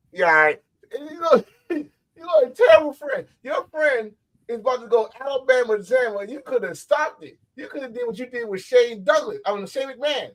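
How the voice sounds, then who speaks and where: A man co-hosting a casual wrestling podcast, animated and profane, breaking into shouts and laughs. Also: very high-pitched, low-quality recording. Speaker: podcast co-host.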